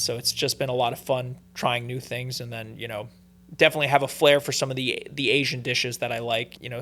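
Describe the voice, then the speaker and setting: A man talks as a podcast guest in a mid-range voice, loose and unhurried. He tells stories with many fillers and restarts, easygoing and open. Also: mid-range voice, fairly bright tone. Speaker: guest, pro fighter. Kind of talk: casual podcast interview.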